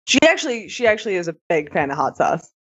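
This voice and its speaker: Female podcast co-host from Utah, anecdotal and giggly, mid pitch, dull lo-fi sound. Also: big pitch swings, quick pace, slightly rough. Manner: laughs while telling anecdotes. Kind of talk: casual comedic chat. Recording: slightly muffled lo-fi mic.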